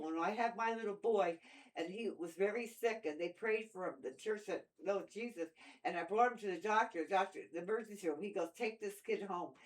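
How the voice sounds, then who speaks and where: A woman's voice: mid-range voice, poor audio. Older woman telling stories with gusto. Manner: storytelling with acted-out quotes, preachy about God. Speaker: stepmother in family talk. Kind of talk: casual conversation.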